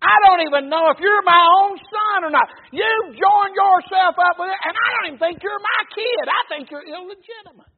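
A man voicing an enraged ancient king, bellowing curses in a booming scriptural rant. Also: moderate pace, hardly any pauses. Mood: outraged. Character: furious man, an enraged ancient king cursing his son. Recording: tinny phone-like sound.

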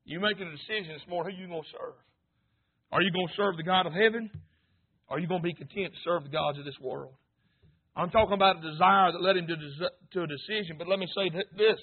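A man preaching a sermon, swinging between fervent shouts and low murmurs. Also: fast talker, slightly rough. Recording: tinny, phone-like sound.

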